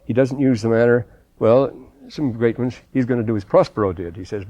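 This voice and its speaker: A man's voice: mid-range voice, a little fast, mellow, no echo, lo-fi sound. A man giving a scripture lecture in a wry, digressive way, often restarting his sentences and quoting old texts. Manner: digressive, wry, quotes German and Shakespeare freely; frequent restarts and repeated words.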